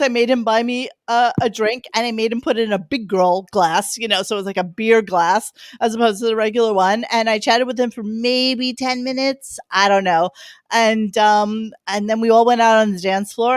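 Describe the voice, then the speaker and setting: A woman's voice: fairly high pitch, no room sound, studio quality. A woman hosting a casual podcast chat, telling stories in a brash, profane way with frequent laughs. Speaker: podcast host.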